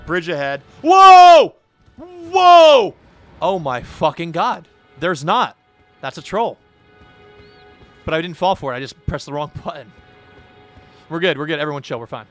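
A man streaming a game live, reacting loudly, yelling and swearing at surprises, then muttering quiet asides. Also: a little high, moderate pace, pauses often, faint music behind. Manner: excitable, yells and swears at surprises; drops to muttered asides between outbursts. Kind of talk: live gameplay commentary.

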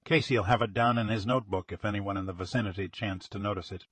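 A man voicing a gruff middle-aged police inspector who talks in a brisk, commanding way, read as an audiobook character. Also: on the low side, steady tone, a bit bright.

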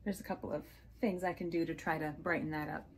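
A woman's voice: sits low, steady tone, fast. A woman talks through her thrift haul in an easy, chatty show-and-tell, gushing over each little find. She is hiccuping now and then, and a faint hiss sits under her voice. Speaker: resale vlogger.

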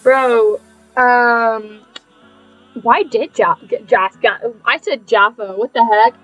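A young woman chatting through a game live stream in a fairly high voice. She talks in a mock-dramatic, sarcastic way and keeps repeating herself. Soft music plays quietly behind her. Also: steady tone, slow. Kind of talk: casual live-stream chat.

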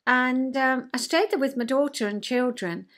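A woman's voice: sits high, normal speed. An older woman hosting a casual chat, telling stories expressively in a homely way. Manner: expressive storyteller, acting out dialogue, homely. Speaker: host.

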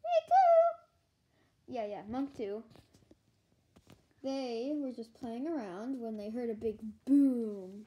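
A woman playfully narrating a homemade toy story in a lively, singsong way. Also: on the high side, slow, a little hiss or hum, poor audio.

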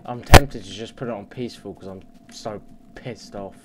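A young man commentating on his game at home, muttering and swearing, with sudden loud yells. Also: on the low side, normal speed, heavy background noise. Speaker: let's play gamer. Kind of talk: casual gameplay commentary. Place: home computer desk. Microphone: desk mic under the monitor.

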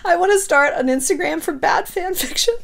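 A woman hosting casual gossip commentary, talking in an animated, candid and sarcastic way. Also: extremely high pitch, a little fast, gravelly. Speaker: pop culture commentary host.

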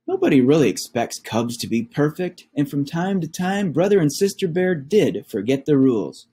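A man reading a children's storybook aloud with slow, expressive storytelling. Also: a little high, breathy edge. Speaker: children's book reader.

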